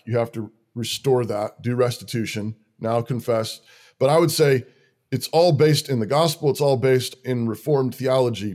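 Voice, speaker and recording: A church leader in a conversational interview talks about practical Christian living, earnest and rhythmic, often stacking short commands into lists. His voice is mid-range with a darkish tone.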